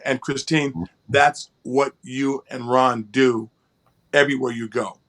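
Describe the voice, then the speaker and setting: A man's voice: mid-range voice, fairly even intonation, measured pace, fairly bright tone. A man co-hosting an interview, telling a personal story in an earnest way and often repeating words as he starts a phrase. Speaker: co-host.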